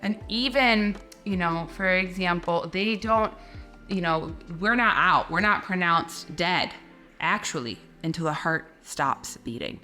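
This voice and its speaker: Woman coach doing a gentle teaching talk, soft and slow, lowish but bright voice, faint music behind. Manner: soft, slow, soothing with repeated phrases. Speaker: spiritual coach.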